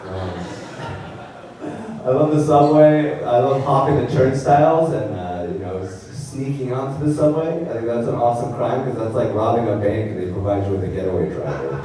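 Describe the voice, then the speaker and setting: A young man performing a stand-up comedy set on stage, delivering jokes deadpan with hesitant fillers, audience laughter behind him. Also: medium pitch, moderate pace. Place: large hall on stage. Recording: very roomy hall sound, slightly distant.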